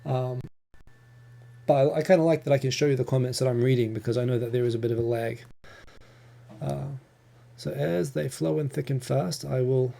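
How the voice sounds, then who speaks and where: At normal speed and mid-range pitch, a Kiwi man runs an informal live Q&A, answering viewer questions chattily, often um-ing and restarting. His voice is warm and gravelly, with long pauses.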